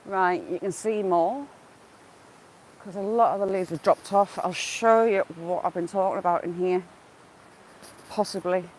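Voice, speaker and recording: A woman with a lowish, slightly mellow voice takes a measured pace and pauses often while casually live-streaming a walk by a wooded river and greeting viewers by name. The low-quality recording carries faint outdoor noise.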